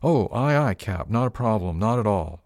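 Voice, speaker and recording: A man's voice: on the low side, expressive, moderate pace, darkish tone, no room sound, studio quality, close to an everyday voice. A man reading an audiobook, voicing a folksy, easygoing ship's engineer who calls his captain Cap.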